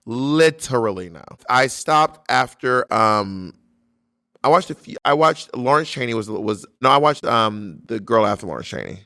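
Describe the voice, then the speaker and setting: A man talking casually as a guest, an animated storyteller who acts out what others said. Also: mid-range voice, normal speed, creaky, no echo, clean studio sound. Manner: animated storyteller, slips into quoted voices. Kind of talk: casual chat.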